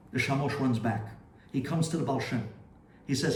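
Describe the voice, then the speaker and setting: A man, a rabbi, telling a story in a sermon with animated, dramatic delivery. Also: medium pitch, moderate pace, long pauses, far from the mic, a little hiss or hum. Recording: roomy echo, faint ambience.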